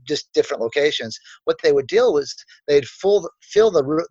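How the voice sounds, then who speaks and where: A man's voice: a little high, dry recording. A man telling a long story in casual conversation, rambling and self-assured, with many restarts and asides. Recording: dull, dry, lo-fi sound.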